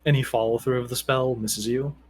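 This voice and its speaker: A man's voice: medium pitch, fairly even intonation, a little fast, slightly rough, soft background music. A man narrating as game master for a tabletop game, casual and rambling with many fillers.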